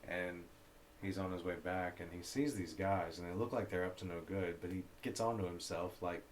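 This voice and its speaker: A man's voice: low voice, fairly even intonation, normal speed, a little hiss or hum. A man from Alabama co-hosting a podcast, telling stories in a laid-back way and swearing freely. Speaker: podcast co-host. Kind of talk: casual storytelling.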